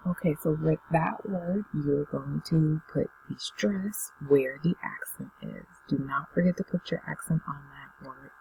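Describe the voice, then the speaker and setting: Woman, patient language teacher, dark mellow tone, unhurried drilling delivery. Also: low voice, creaky, a little hiss or hum, poor audio. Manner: patient, drills words for students to repeat. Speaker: Spanish teacher. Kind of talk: classroom language lesson.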